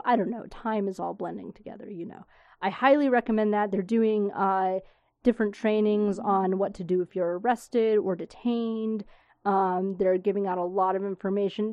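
A woman's voice: medium pitch, no room sound, highs cut off. A woman hosting a podcast alone, talking in a candid, rambling way with swearing and asides. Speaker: podcast host. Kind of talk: casual solo podcast talk.

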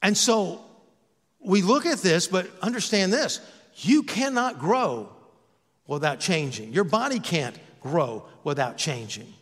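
A pastor preaching in his own church, and his voice sits a little high for a man. He talks to the congregation in an easy, conversational way, with jokes and self-mocking asides. The sanctuary adds a long, ringing reverb to every line. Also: very animated, measured pace. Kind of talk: sermon.

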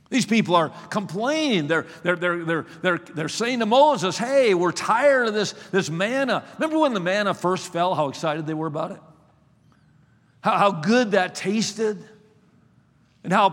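A male preacher with a high voice delivers a sermon at a slow, emphatic pace, often repeating the opening words of a phrase before he lands it. His voice rings out with a long reverb, as if filling a large hall.

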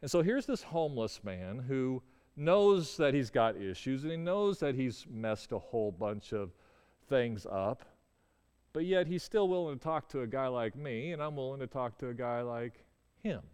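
Male storyteller, resonant voice, halting delivery full of restarts, recorded with a long reverb tail. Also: medium pitch, lively intonation, darkish tone, smooth. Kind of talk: personal storytelling.

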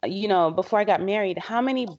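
A woman's voice: medium pitch, fast, darkish tone. A middle-aged woman speaking as a podcast guest who leads a women's health organization, earnest and conversational, acting out quotes as she talks. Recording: slightly dull, muffled podcast audio.

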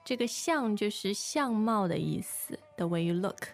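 A woman's voice: mid-range voice, animated, normal speed, creaky, soft background music. A woman co-hosting a bilingual podcast lesson as the teacher, patiently explaining meanings and readily agreeing with her co-host.

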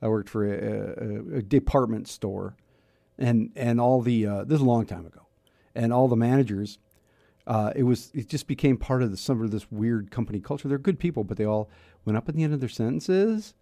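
A man's voice: medium pitch, brisk, vocal fry, mellow, dry recording. A middle-aged man hosting a radio talk show, chatty and self-mocking, rambling with restarts. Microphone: studio mic.

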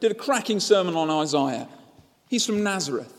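A man voicing a chatty bystander in a crowd, with offhand, quick chatter. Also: sits high, sing-song, in a large hall, pitched above the performer's own voice.

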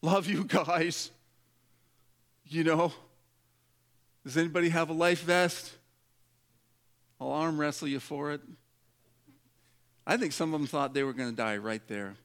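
A man's voice: on the high side, unhurried, long pauses, a bit bright, clean tone. A man preaching a sermon, dramatic, dropping his voice to act out prayers and quotes. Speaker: pastor.

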